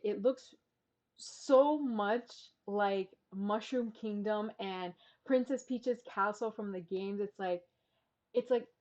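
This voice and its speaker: A woman's voice: mid-range voice, darkish tone. Chatty woman vlogger, slightly muffled. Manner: chatty, frequent "like" and "um" fillers. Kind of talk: casual reaction commentary.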